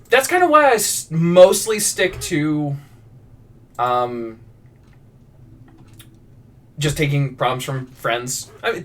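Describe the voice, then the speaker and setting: A man's voice: mid-range voice, fairly bright tone. A man live-streaming his writing, rambling casually through viewer prompts with lots of restarts and self-deprecating asides. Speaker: fiction writer live-streaming. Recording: voice somewhat far from mic.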